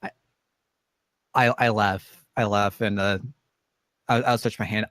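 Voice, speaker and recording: Slow, hesitant man role-playing. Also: on the low side, steady tone, fairly bright tone, no room sound. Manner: hesitant, halting, many uhs. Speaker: player. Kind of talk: tabletop role-play in character.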